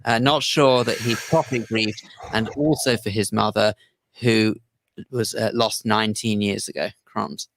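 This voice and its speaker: A man's voice: fairly low pitch, steady tone, a little slow, vocal fry, a bit bright, slight background noise. A man co-hosting a radio show, reading listener messages aloud in a wry yet moved way. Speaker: radio co-host. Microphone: studio microphone.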